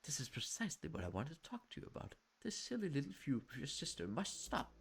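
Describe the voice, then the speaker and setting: A man's voice: a little high, huge pitch swings, fast, husky, pitched above the performer's own voice, exaggerated voice. A man voicing a stern, formal middle-aged mother in a game who scolds her son primly. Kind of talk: voicing characters in a game stream.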